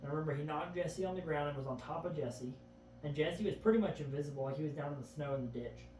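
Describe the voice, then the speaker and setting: A man's voice: fairly high pitch, fast, darkish tone. Earnest man telling a story in an echoey room. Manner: earnest, vivid retelling with frequent "I remember". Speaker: podcast guest. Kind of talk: storytelling in a casual chat. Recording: echoey room, far from the mic, faint background hum.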